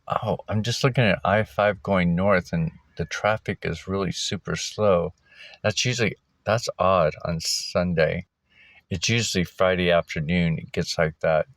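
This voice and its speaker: A man's voice: sits low, dry recording. A man vlogging from a park, talking in a loose, rambling way with fillers and chuckles. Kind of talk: casual rambling vlog. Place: outdoors at a park.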